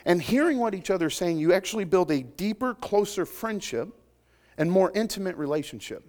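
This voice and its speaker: A man preaching a sermon to a congregation, conversational and joking, swinging from loud emphatic points to soft, intimate asides. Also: high voice, lively intonation, brisk. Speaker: pastor.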